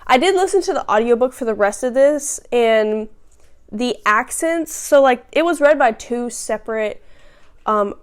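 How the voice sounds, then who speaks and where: A woman's voice: fairly high pitch, clean tone. A woman chatting casually as a book vlogger, rambling with many fillers and restarts. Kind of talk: casual book review chat.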